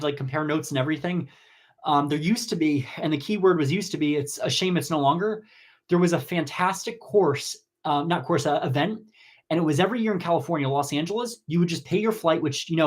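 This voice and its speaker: A man from New Jersey hosting a casual live-stream Q&A on cosmetology, chatty and rambling, with sudden excited jumps in pitch. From New Jersey, USA. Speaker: cosmetology educator and host. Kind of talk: casual live-stream Q&A reading viewer comments.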